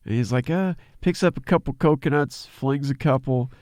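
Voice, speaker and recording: A man's voice: mid-range voice, normal speed, a little mellow, no room sound, studio quality. A man co-hosting a podcast, chatting casually about a movie, laughing often and quoting lines. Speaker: podcast co-host. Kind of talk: casual movie review chat.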